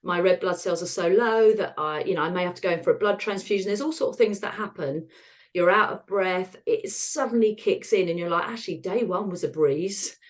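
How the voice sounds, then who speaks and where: A woman, a podcast guest talking frankly about hard times, laughing at the dark parts. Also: on the low side, fairly quick. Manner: frank and self-deprecating, laughs at dark moments. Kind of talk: candid conversational storytelling.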